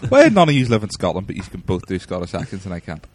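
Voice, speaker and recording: A man, chatting on a podcast in a chatty, animated way. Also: deep voice, racing, slight background noise. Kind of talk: casual chat.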